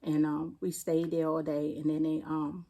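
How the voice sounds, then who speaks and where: Mellow-voiced D.C. woman recounting her loss. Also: deep voice, completely flat delivery. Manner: plainspoken, halting, retelling a painful loss. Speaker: interview guest, firefighter. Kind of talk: personal storytelling in an interview.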